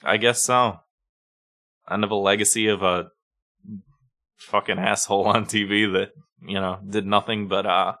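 A man's voice: fairly low pitch, flat delivery, moderate pace, long pauses, sharp tone. A man co-hosting a podcast, telling stories animatedly and swearing freely in casual chat. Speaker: podcast co-host.

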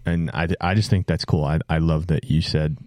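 A man's voice: extremely low pitch, fairly even intonation, normal speed, a little mellow, no room sound, clean studio sound. A man hosting a podcast, responding reflectively and affirmingly, often repeating words as he starts. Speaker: podcast host. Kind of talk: conversational interview.

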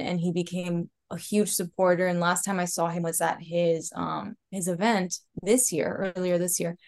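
A woman in her thirties, a comedian on a podcast, telling stories in an animated way with laughter. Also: fairly low pitch. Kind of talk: casual chat.

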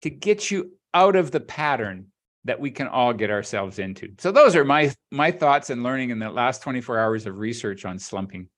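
A man's voice: mid-range voice, animated, normal speed, a bit bright. A middle-aged man co-hosting a podcast, speaking earnestly and reflectively in casual conversation, with sayings and analogies. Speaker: podcast co-host.

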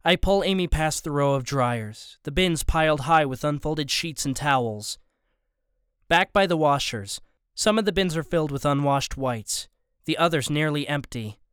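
Smooth, dry male audiobook narrator. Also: on the high side, moderate pace, fairly bright tone, dry recording. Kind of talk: scripted first-person story narration.

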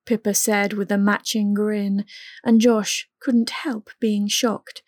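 A woman narrating an erotic story in an unhurried, even reading. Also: mid-range voice, no echo, clean studio sound. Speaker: audiobook narrator.

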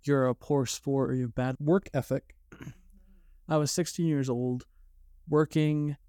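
A man talking in a measured, steady way in a casual podcast chat. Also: mid-range voice, smooth, no room sound, studio quality.

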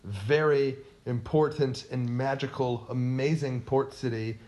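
A man's voice: mid-range voice, unhurried, darkish tone. Casual jokey man telling history. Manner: jokey, self-deprecating, loose storytelling. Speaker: podcast co-host.

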